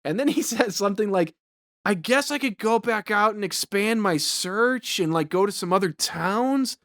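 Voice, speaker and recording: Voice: medium pitch, expressive, moderate pace, a bit bright, no echo, clean studio sound. Profane rambling podcast co-host. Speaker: podcast co-host recapping a film. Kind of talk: casual chat.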